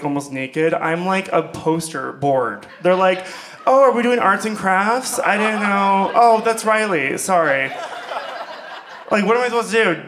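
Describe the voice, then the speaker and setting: A man's voice: a little high, a bit bright. A young man from Iowa performing a stand-up comedy set, rambling and sarcastic, with lots of fillers. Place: small comedy club stage.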